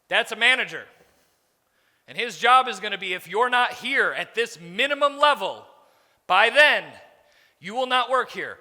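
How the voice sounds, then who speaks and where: A man's voice: high-pitched, animated, normal speed, sharp tone. Blunt, profane man on a conference stage. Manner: blunt, profane, acts out quoted dialogue. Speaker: business speaker on stage. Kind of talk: profane motivational keynote. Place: large conference hall. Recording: reverberant hall, stage mic.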